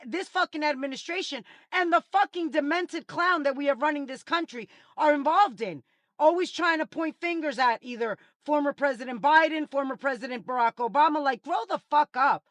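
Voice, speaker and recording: A woman's voice: high voice, fairly bright tone, no room sound. A woman vlogger in an exasperated, mocking rant, swearing heavily at her critics. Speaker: commentary vlogger. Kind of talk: angry profane rant.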